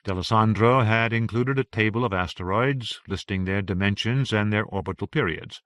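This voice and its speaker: A man narrating an audiobook in a steady, even reading. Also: lowish voice, normal speed, dry recording, studio quality.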